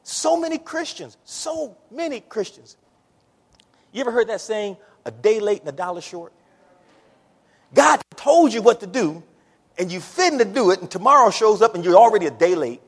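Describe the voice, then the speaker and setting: A man preaching a sermon, swinging from hushed near-whispers to loud shouts. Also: high-pitched, animated, fairly quick, big-room sound.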